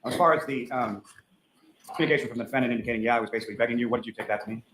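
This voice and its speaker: A male attorney directs a witness from page to page in a courtroom and keeps reusing the same polite, formal phrases. He talks very fast, and faint noise sits under his voice. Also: mid-range voice. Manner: formal, repeats set phrases. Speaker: trial attorney. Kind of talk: courtroom questioning.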